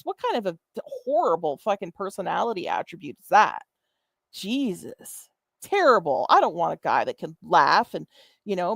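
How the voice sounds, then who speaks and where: A woman's voice: medium pitch, gravelly, no room sound. Snarky sweary woman reacting on stream, voice jumps all over, dry close mic. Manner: mocking, profane, sarcastic. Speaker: commentary streamer. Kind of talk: sarcastic reaction commentary.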